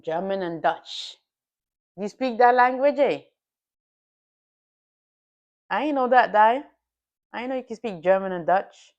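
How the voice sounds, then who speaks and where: A woman speaks unhurriedly at medium pitch, with long pauses, in lo-fi sound. She's a futures trader on a live stream, chatting loosely and swearing freely with viewers while reflectively coaching herself through a review of her trading day.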